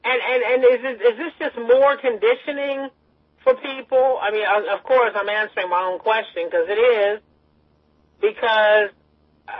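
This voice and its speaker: Female talk radio co-host: husky, high, halting and outraged, dry and muffled lo-fi sound. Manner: outraged, halting, searching for words.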